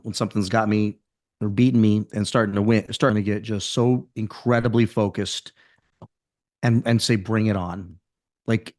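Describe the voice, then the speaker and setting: A man with a low, deep voice gives an intense, pep-talk style interview as a motivational speaker. The recording is dry and close, with no room sound behind him. He pushes his points hard and keeps the energy driving. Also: no echo. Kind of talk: podcast interview.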